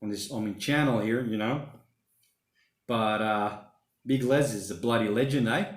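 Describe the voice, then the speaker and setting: A man's voice: lowish voice, moderate pace, roomy sound. A man hosting a casual livestream, chatting loosely and reading out viewer comments in a rambling, slangy way. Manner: rambling, chatty, uses slang like mate and bloody. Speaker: livestream host. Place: home during lockdown.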